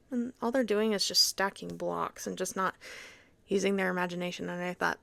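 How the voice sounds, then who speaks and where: Young podcast host lady, chatty and animated, bit of fry, dry mic. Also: mid-range voice, a little fast, no room sound. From Utah. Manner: chatty, animated, acts out quoted voices. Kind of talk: casual personal story.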